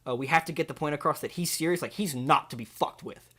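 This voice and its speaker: Fast and a bit rough-voiced, a young man hosting a comedic video pitches a nonsensical film, rambling deadpan and leaning heavily on filler words.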